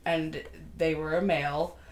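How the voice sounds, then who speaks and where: A woman's voice: low-pitched, level tone, measured pace. A woman co-hosting a podcast, rambling casually, laughing often and trailing off mid-sentence. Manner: rambling, laughing, breaks into silly voices. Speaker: podcast co-host. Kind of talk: casual chat. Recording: echoey room, faint noise.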